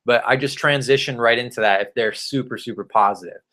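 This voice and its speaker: A man coaching a recorded sales training, talking loosely and with energy. He stumbles into restarts and acts out what prospects might say. His voice sits at an ordinary middle pitch for a man. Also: fairly quick. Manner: energetic, casual, repeats and restarts phrases, acts out prospects' replies. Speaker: network marketing coach.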